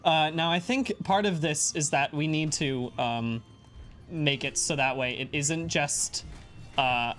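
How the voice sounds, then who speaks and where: A woman co-hosting a game stream, chatting in a relaxed, hesitant way with many fillers. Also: low voice, slow, faint music behind. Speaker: co-host. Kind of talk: casual gameplay chat.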